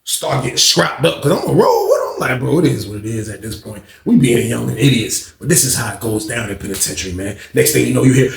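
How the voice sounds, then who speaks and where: A man telling a casual, rambling story in slang, acting out shouts along the way. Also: medium pitch, very animated, fast talker, vocal fry, hardly any pauses, echoey room, crowd noise.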